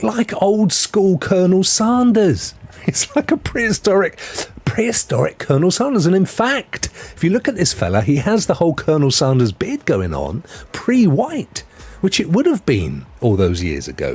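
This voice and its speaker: A man's voice: high-pitched, huge pitch swings, moderate pace, a little mellow, husky. A man hosting a gaming news live stream, chatty and jokey, laughing often. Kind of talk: casual live-stream chat.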